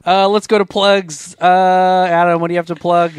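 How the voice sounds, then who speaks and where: A man hosting a podcast, giving deadpan, mock-diplomatic answers in casual chat. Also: high-pitched, normal speed, clear, resonant tone, no echo. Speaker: podcast host.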